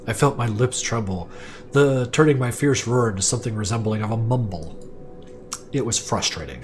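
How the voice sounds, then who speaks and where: A man on a live stream reads a first-person story aloud with dramatic flair, sometimes stumbling and then correcting himself. His voice is fairly low, and there's a slight hiss or hum in the recording.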